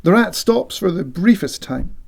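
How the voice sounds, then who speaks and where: Slow, dramatic male novel reader. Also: high-pitched, expressive, gravelly, breathy edge. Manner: dramatic, slow and deliberate, with whispered sound effects. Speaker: audiobook reader. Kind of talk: expressive literary reading.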